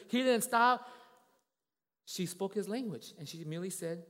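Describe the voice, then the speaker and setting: Animated pastor preaching in a reverberant hall. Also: male voice, high-pitched, normal speed. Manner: animated, conversational, asks many tag questions. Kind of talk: sermon with a told story. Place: church.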